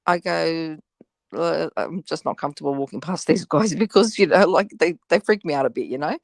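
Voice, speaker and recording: A woman tells a long personal story on a live panel, casual and loose. Her voice sits low with a gravelly rasp. The sound is dry and close, with no room around it. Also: lively intonation, fairly quick, no room sound. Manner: chatty, peppered with "you know". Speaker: panel guest.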